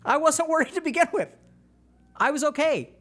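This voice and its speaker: This is a puzzled young child who just wants to count and cannot see what is wrong, as a commentator acts it out. The voice is pitched up and sounds baffled. The tone is plain and innocent. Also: lively intonation, moderate pace, a bit bright. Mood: bewildered.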